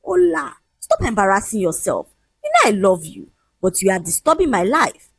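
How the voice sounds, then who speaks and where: A woman's voice: mid-range voice, huge pitch swings, husky, no room sound, heavily acted. A woman voicing an arrogant, dismissive young man who mocks and lectures his fiancée. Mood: mocking. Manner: mocking, lecturing, raised and quick.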